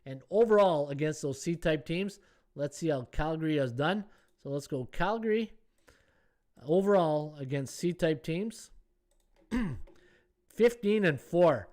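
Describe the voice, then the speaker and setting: A man hosting a sports betting live stream in a casual, thinking-aloud way. His voice sits a little high for a man. He chats his way through odds and viewer comments. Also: animated, slow pace, long pauses, a little mellow. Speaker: sports betting podcast host.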